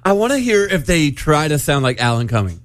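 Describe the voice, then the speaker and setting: A man's voice: a little high, sing-song, brisk, slight background noise. A man hosting a morning radio show, upbeat and laughing as he leads the segments. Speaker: radio host.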